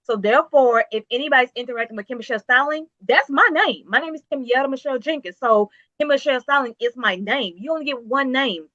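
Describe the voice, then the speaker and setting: Interview guest: woman, business owner, bright, dry dull lo-fi sound, emphatic motivational delivery. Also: high voice, fast talker, few pauses, no room sound. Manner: emphatic, repetitive, preachy motivational. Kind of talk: casual interview talk.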